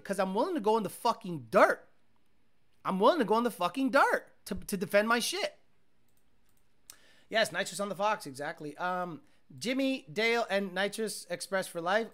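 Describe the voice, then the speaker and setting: Profane, excitable man ranting on stream. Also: high-pitched. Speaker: car tuner livestreaming. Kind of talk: casual livestream chat, reading comments.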